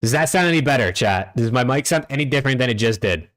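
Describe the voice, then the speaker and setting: A man's voice: medium pitch, expressive, fast, a bit bright. Laid-back cursing male streamer. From United States. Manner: laid-back, profane, talks to chat and reads out usernames. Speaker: streamer hosting a watch party. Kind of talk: casual live-stream chat. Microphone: desk streaming mic.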